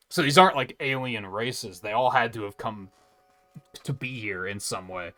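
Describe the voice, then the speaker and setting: A man's voice: medium pitch, animated, unhurried, fairly bright tone. A man streaming a video game, chatting casually in a rambling way, with restarts and casual swearing. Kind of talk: casual let's-play commentary.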